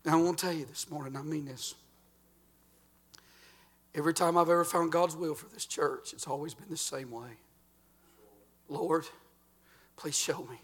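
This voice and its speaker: An older man, a pastor preaching a folksy sermon that swings between loud and quiet. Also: on the high side, fairly quick, long pauses.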